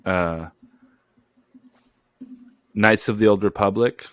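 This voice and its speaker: An enthusiastic man co-hosting a fan podcast, quick to agree with his friends. His voice is fairly low and recorded close and dry. He stammers a little when he gets excited. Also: dry recording. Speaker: podcast co-host. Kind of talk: casual chat.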